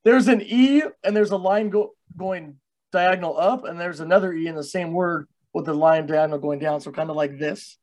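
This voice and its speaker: A man's voice: on the high side, normal speed, darkish tone. A young man hosting a casual podcast chat, loose and self-mocking, who swears freely. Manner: loose, swearing, laughs at himself.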